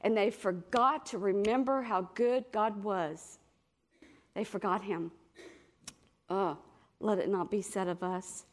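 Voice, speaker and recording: A middle-aged woman preaches a sermon with animated storytelling. Her pitch sits in the middle, and she jumps into higher, brighter voices when she acts out what others said. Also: slow pace, long pauses.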